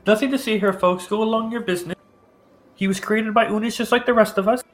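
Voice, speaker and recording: A man's voice: high voice, steady tone, fast talker, pitched above the performer's own voice, natural voice. A man voicing a kindly, fussy elderly priest with a quavering, stammering old-man voice. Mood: soothing.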